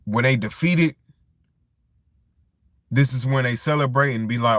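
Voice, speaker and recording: A man's voice: medium pitch, a little slow, long pauses, a bit bright, dry recording, clean studio sound. A man talking in a loose, rambling vlog monologue, circling back and restarting his thoughts as he goes. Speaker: vlogger. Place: tent.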